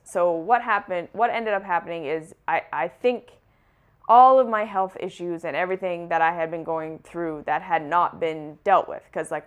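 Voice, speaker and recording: A woman's voice: lowish voice, clean tone. A young adult woman telling her personal story to camera in a candid, conversational way, full of casual fillers. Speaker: wellness vlogger.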